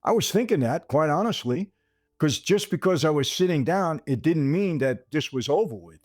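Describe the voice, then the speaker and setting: A man's voice: a little high, expressive, normal speed, a little mellow, no room sound, studio quality. A man hosting a podcast, telling a personal story straight to his listeners and acting out the dialogue. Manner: speaks straight to listeners, calling them "people"; retells scenes by acting out quoted dialogue. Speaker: podcast host. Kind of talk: storytelling monologue.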